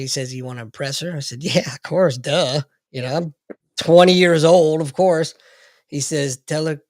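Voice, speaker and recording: A man's voice: medium pitch, darkish tone, dry recording. A man in his fifties telling a sheepish, joking anecdote on a podcast. His voice sits in an ordinary middle register and is recorded close and dry, with no room sound. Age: 50s. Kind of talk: casual chat.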